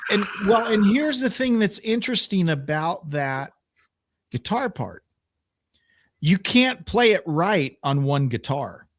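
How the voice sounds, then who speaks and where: A man's voice: high voice, big pitch swings, slow, dry recording, studio quality. A man co-hosting a radio show, easygoing in casual chat and humming guitar riffs.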